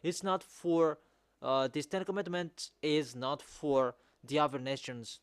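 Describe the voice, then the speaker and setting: A man preaching a sermon in non-native English, repeating his points with emphasis and rising to loud exhortation. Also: fairly high pitch, steady tone, unhurried, clean tone, no echo.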